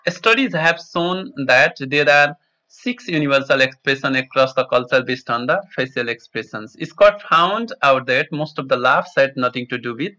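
Bright-voiced Nepali-accented male teacher. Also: medium pitch, lively intonation, rough recording. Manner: switches between English and Nepali explanations, repeats words slowly. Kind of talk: classroom lesson explaining a textbook.

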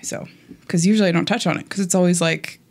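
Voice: mid-range voice, steady tone, quick pace. Chatty podcast host reading gaming news. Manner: chatty, swears casually, many ums. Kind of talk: casual podcast chat.

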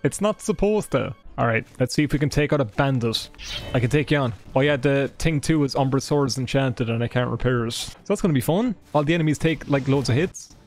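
An Irish man streaming a video game live, cracking jokes, swearing and bantering excitedly with his chat. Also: medium pitch, brisk, faint music behind. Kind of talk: live gameplay commentary.

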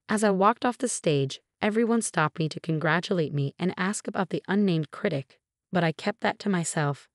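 A woman in her thirties giving a steady, even first-person story narration. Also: fairly low pitch, dry recording, clean studio sound. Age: 30s.

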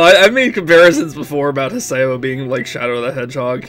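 A man's voice: medium pitch, normal speed, fairly bright tone, soft background music. Giggly rambling young man commenting. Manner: rambling, frequent "like", giggly laughing fits. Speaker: let's play commentator. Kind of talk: casual gameplay commentary.

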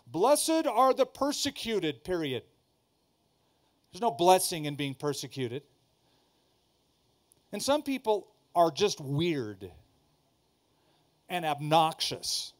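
A pastor preaching to a congregation, emphatic, repeating key lines and asking the audience questions. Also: male voice, fairly high pitch. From Southern California. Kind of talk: sermon. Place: church before a congregation.

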